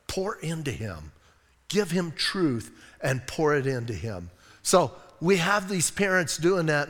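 There's a long reverb tail on this slightly high male voice as an American pastor preaches in a church sanctuary. He tells stories with energy, weaving in jokes and asides.

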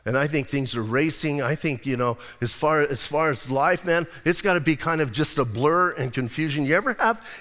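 A male pastor preaching a lively, conversational sermon and acting out quotes as he goes. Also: fairly high pitch, normal speed, hardly any pauses, in a large hall.

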